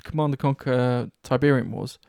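A man's voice: mid-range voice, normal speed, creaky, dry recording, studio quality. A man chatting casually about games, rambling and swearing freely as he tells stories. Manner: rambling, swears often, animated storytelling.

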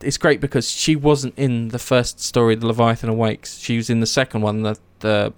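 A man's voice: medium pitch, flat delivery, moderate pace, clean tone, dry recording. A man chatting casually and eagerly about a series, rambling with many fillers and restarts. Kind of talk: casual chat.

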